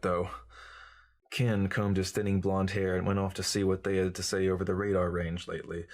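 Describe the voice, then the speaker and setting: A man reading a short story aloud in a measured, wry first-person narration. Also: sits low. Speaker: reader. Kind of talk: audiobook narration.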